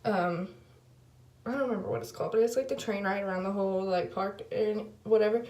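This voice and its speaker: A woman's voice: mid-range voice, moderate pace, a little mellow. A young woman telling a story in a casual video diary, rambling with lots of fillers and quoted back-and-forth, and apologizing in self-conscious asides. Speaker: vlogger. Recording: echoey room.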